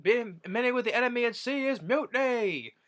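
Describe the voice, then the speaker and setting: A man's voice: extremely high pitch, lively intonation, fairly quick, a bit bright, pitched above the performer's own voice. A man voicing a pompous, blustering rich husband who plays captain of his yacht. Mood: boastful.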